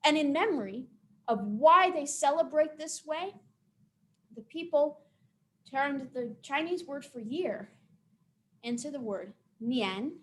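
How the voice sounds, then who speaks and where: A young woman telling a folk tale to children and then teaching them simple words, expressive and careful. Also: high voice, a little hiss or hum. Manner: expressive, dramatic storytelling to children; slow, careful pronunciation drills. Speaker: storyteller and teacher. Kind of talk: children's storytime reading and teaching.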